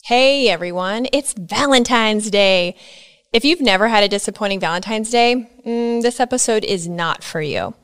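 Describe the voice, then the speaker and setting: Give me a woman podcast host reading her intro in a wry, measured tone, recorded dry and close. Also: medium pitch, a bit bright, clean tone, dry recording.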